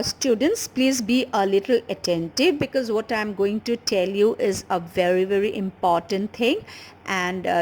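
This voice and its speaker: A woman teaching an English grammar lesson with an Indian English accent, explaining patiently and slowly repeating key words. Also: medium pitch, rough recording.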